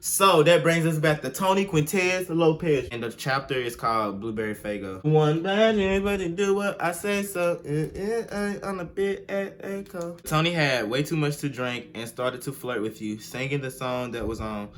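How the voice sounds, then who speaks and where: A young man hosting a video, reading fan fiction aloud with slangy, animated, mock-outraged commentary and bursts of sing-song. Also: on the high side, moderate pace, hardly any pauses. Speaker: video host.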